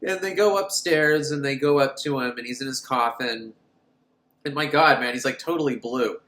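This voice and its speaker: A man's voice: mid-range voice, moderate pace, fairly bright tone. A man giving a rambling, comic movie recap, laughing often as he goes. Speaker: film reviewer. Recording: roomy room echo.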